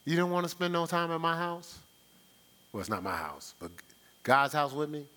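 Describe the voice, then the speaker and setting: Bright-voiced conversational male pastor. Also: on the high side, normal speed. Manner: conversational, rhetorical, checks in with "right?". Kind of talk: live church sermon.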